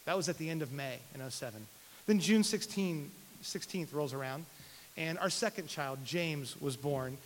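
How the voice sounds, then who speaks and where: A man telling a personal testimony story in an animated, self-deprecating way, often repeating his words. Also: fairly high pitch, moderate pace. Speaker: speaker sharing a personal testimony. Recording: long hall reverb, faint hiss.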